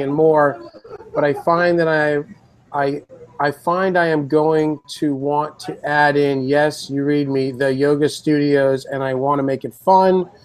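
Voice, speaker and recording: A man's voice: a little high, rough recording. A man hosting a podcast, loosely reading out listener comments. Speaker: podcast host.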